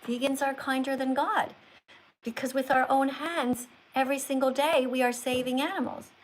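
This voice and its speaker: A woman's voice: sits high, steady tone, moderate pace, slight background noise, low-quality recording. A woman hosting a live stream, talking to viewers in an earnest, preachy way, pleading with them and thanking them by name. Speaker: livestream host.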